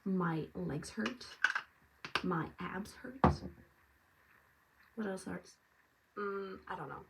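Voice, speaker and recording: A tired woman from France chatting casually as she gets ready, rambling and now and then dropping to a soft whisper. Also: medium pitch, drawn-out words, gravelly, pauses often, noisy background. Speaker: vlogger. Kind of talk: casual get-ready-with-me chat. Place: at home getting ready. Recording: distant mic, faint room ambience.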